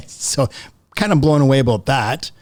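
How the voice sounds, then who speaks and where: A man's voice: medium pitch, lively intonation, a little slow, no room sound. 50s guy spilling a wild family story on a podcast, chatty, dead dry mic. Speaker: podcast guest. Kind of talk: casual storytelling interview.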